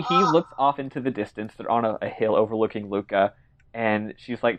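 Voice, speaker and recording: A man on a podcast, his voice on the low side and a little fast with fairly even intonation, comes through with lo-fi sound. As co-host, he chats casually through a game's plot, performing characters' lines while laughing and swearing.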